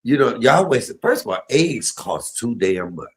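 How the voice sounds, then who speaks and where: Animated man chatting while he cooks. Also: mid-range voice, unhurried, low-quality recording. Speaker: cooking livestream host. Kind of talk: casual storytelling while cooking.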